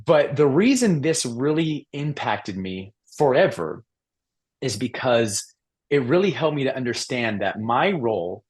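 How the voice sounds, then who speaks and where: A man's voice: mid-range voice, very animated, a little slow. Earnest man telling coaching stories. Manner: earnest, acts out quoted voices in stories. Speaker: mental performance coach, guest. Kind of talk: conversational storytelling interview.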